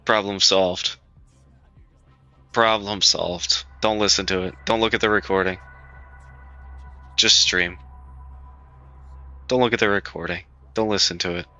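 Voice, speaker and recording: A man's voice: deep voice, steady tone, measured pace, long pauses, bright, forceful tone. A man streaming live, talking casually to his chat in a blunt, profane way, repeating himself as he reassures viewers. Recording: dull lo-fi stream audio, faint music.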